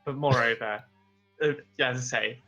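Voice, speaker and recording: Bright-voiced stammering man. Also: medium pitch, moderate pace, faint music behind. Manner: stammering, excitable, laughs easily. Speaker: player. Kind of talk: casual tabletop game play.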